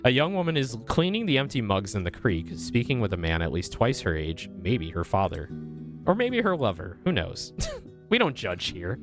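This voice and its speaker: Brief: young male streamer, animated playful reading voice, soft guitar under. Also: mid-range voice, moderate pace. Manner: playful, chatty, lively reading voice. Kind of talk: reading a text game aloud with chat. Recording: faint guitar music behind.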